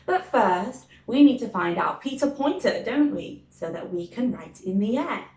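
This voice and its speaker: A woman's voice: medium pitch, expressive, darkish tone. A woman teaching a phonics lesson to young children, drawing out letter sounds and praising often. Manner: slow, drawn-out sounds, encouraging praise. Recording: roomy echo.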